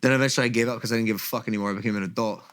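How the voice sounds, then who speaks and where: A young man in casual chat, telling an animated story and swearing freely as a guest. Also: on the low side, very fast, smooth.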